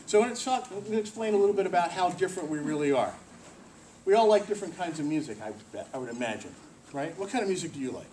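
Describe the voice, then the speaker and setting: A man giving a lively, joking presentation to a staff meeting and quizzing the audience as he goes. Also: sits high, fast. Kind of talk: workplace presentation. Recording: distant mic with faint hiss.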